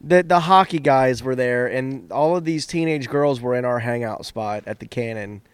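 A man's voice: medium pitch, moderate pace, smooth, no room sound. A man co-hosting a casual podcast, chatting in a laid-back way and laughing along. He sounds drunk. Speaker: podcast co-host. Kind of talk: casual chat.

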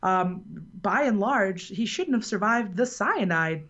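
A woman's voice: mid-range voice, animated, slow pace, a bit bright. Woman podcast host, loose rambling storyteller who laughs easily, lo-fi sound. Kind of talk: casual chat.

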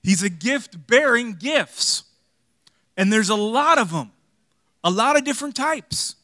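A man preaching a sermon in a conversational, dynamic way, with loud emphatic peaks, hushed asides, jokes and rhetorical questions. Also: extremely high pitch, animated, unhurried, no echo, studio quality. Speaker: pastor.

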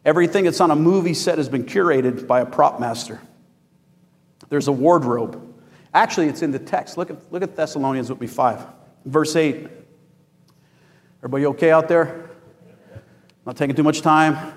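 Brief: high-voiced male pastor, lively, calls for amens, church reverb. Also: normal speed, pauses often. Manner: animated, rising to shouts, asking the congregation for amens. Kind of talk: sermon.

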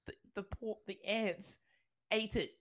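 A woman's voice: medium pitch, steady tone, takes it slowly. An Australian woman co-hosting a podcast, telling stories in a chatty way with frequent laughter and restarts. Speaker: podcast co-host. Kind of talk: casual chat.

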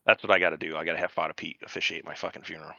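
Bright-voiced man hosting, swearing casually. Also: low-pitched, rapid-fire, vocal fry, dry recording, dull audio. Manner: profane, rambling, reads listener feedback. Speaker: podcast host. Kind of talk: casual chat.

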